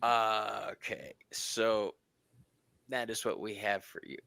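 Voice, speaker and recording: A man hosting a casual tarot reading chat, chatty and quick to laugh. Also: fairly low pitch, level tone, vocal fry, sharp tone, dry recording. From United States. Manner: chatty and giggly, laughs often. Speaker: tarot reader host.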